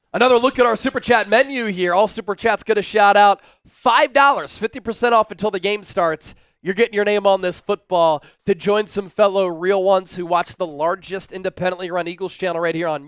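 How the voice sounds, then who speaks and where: A man's voice: high-pitched, normal speed, smooth, no room sound. A man hosting a live fan-channel football stream, breaking down the game and reading viewer super chats aloud with hype. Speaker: sports livestream host. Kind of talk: live fan-show commentary and chat shout-outs.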